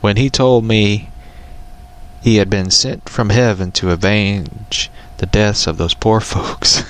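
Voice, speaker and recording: A man's voice: fairly low pitch, steady tone, takes it slowly. A man voicing a smelly old southern prospector, with a Southern US accent and a folksy drawl.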